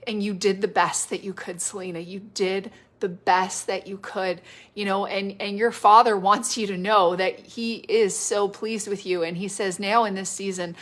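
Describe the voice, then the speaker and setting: Through a live-stream device mic comes a woman's mid-range voice, steady in tone, offering spontaneous prophecy. She speaks softly and falteringly, going over the same phrases again and using "like" and "you know" as fillers.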